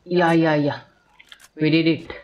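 Slow, rambling man. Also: on the high side, level tone, lo-fi sound, slight background noise. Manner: rambling, talks to himself and the game characters. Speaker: gameplay commentator. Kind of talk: casual let's-play commentary.

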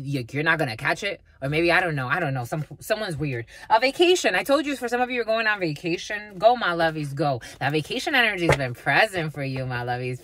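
A woman's voice: fairly low pitch, fairly bright tone, slight background noise. A woman gives a spiritual reading to her viewers in a blunt, rambling way, swearing freely and calling them "my lovies.". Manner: rambling, with frequent restarts. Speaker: spiritual reader. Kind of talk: off-the-cuff psychic reading to viewers.

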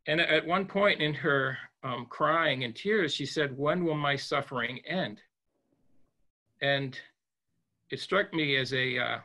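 A man with a bright, clear, mid-range voice talks through a story as an interview guest. He is gentle and reflective, and he often pauses to restart a phrase. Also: mid-range voice. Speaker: psychologist guest.

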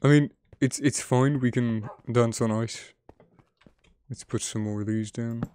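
Young male creator, casual gameplay commentary, sweary, excitable, chats to his pets on screen. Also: mid-range voice, a little slow, clear, resonant tone, no echo. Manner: excitable, swears a lot, talks to his animals. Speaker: gaming video creator. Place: home editing room.

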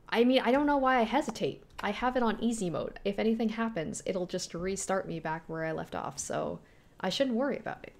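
A woman's voice: mid-range voice, animated, moderate pace, creaky, slight background noise. A young woman streaming a horror game, jumpy and talking to herself as she plays. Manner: jumpy, talks to herself, reads text aloud. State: panicked while being chased. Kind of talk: horror game let's play commentary.

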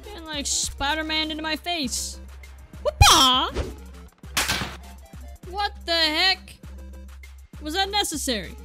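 A woman with a high, light voice gives excitable gameplay commentary, exclaiming and calling out to the enemies on screen. Game music and gunfire play clearly behind her. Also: a little slow. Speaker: gaming video creator.

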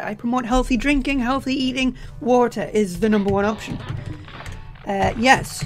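A young man with a sore, tired voice, chatting jokily as he plays a game and sometimes shouting. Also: extremely high pitch. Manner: chatty, jokey, bursts into shouting. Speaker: let's play host. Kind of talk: casual gameplay commentary.

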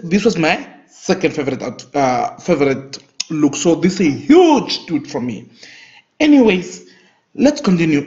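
A man, giving casual, opinionated fashion commentary with big animated swings in his voice. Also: sits high. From Namibia. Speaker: fashion vlogger. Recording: dull lo-fi recording.

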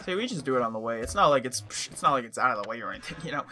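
A man's voice: mid-range voice, animated, very fast, few pauses, sharp tone, soft background music. A young man giving playful, hammy commentary while playing a life-sim game. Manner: playful, hammy trash talk. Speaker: let's play streamer. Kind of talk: gameplay commentary.

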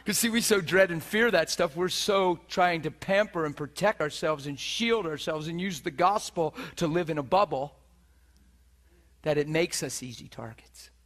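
Animated middle-aged man preaching a story. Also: fairly high pitch, moderate pace. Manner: animated storytelling, acts out voices, laughs often. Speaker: preacher teaching on healing. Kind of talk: sermon storytelling. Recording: live teaching session, room mic.

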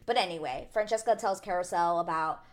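A woman casually recapping a reality dating show, chatty and opinionated, full of "like" fillers and high indignant outbursts. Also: a little fast, soft background music. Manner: rises to high indignant exclamations. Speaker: TV recap vlogger.

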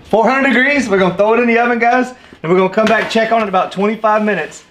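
A man's voice: high-pitched, very fast, a bit bright, a little hiss or hum. A middle-aged man, hosting a cooking vlog in a home kitchen and talking straight to viewers in a folksy, upbeat way. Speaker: fishing channel host. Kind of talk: casual cooking vlog talk.

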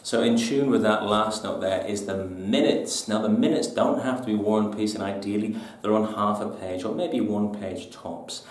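A lowish-voiced man delivers business tips with punchy emphasis and a chatty, colloquial turn of phrase. He sits back from the mic in an echoey room, with faint ambient noise. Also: darkish tone, far from the mic. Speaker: business trainer. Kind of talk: presenting tips to camera.

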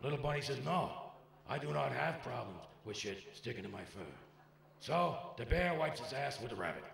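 A man's voice: medium pitch, animated, normal speed. A man doing an Al Pacino impression, playing a brash, foul-mouthed stand-up comic who barks at hecklers in a live show. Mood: gruff joking. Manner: gravelly, barking at hecklers, swinging from mutters to shouts. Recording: echoey live club with crowd noise.

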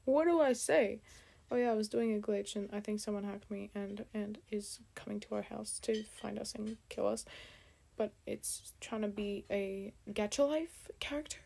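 A woman's voice: mid-range voice, normal speed, vocal fry, darkish tone. A woman YouTuber in a storytime vlog, reacting dramatically with exclamations and sudden whispers.

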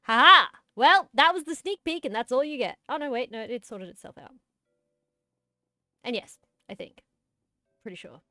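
A woman's voice: sits high, sing-song, moderate pace, long pauses, bright, forceful tone, no echo, studio quality. A woman hosting a livestream, chatting casually and giggling while she plays with friends and apologizes often. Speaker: streamer and host.

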